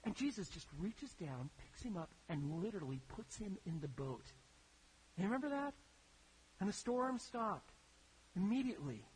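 A preacher telling stories in a sermon, in an animated, conversational way that builds to emphatic peaks. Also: mid-range voice, normal speed, slight background noise, low-quality recording. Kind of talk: sermon storytelling.

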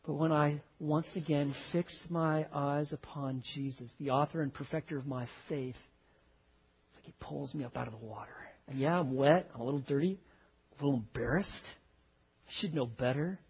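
A man preaching a sermon, telling a story with animated swings from loud exclaims to hushed, tender lines. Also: a little high, moderate pace, breathy edge, lo-fi sound. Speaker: pastor.

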